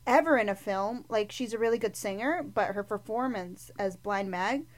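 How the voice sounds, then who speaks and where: A woman co-hosting a podcast, talking excitedly about a film with lots of "like" fillers. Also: medium pitch, moderate pace. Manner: gushing and animated, many "like" fillers. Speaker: podcast co-host. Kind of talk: casual film review chat.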